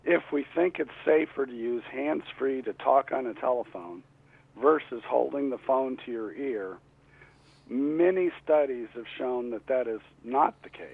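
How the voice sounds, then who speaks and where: A man with a congested cold voice, speaking as a state representative guest in a phone interview, halting with fillers and throat clearing. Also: medium pitch. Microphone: telephone. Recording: tinny phone line.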